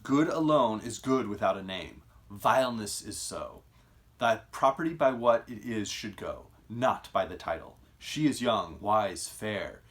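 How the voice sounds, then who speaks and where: A man reading the part of a stern older king who lectures a young lord on virtue and honor, reciting measured verse. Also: lowish voice, animated. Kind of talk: dramatic reading of a play.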